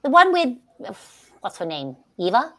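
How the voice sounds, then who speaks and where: A woman's voice: a little high, wildly swooping pitch, measured pace, sharp tone, exaggerated voice. A woman giving a staged play reading as a scatterbrained, grandly theatrical aging stage actress who giggles often.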